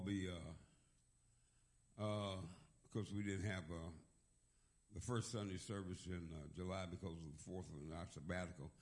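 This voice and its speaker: A middle-aged male pastor preaching a sermon, leading the congregation in call and response, often saying "praise God" and building up to shouts. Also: fairly low pitch.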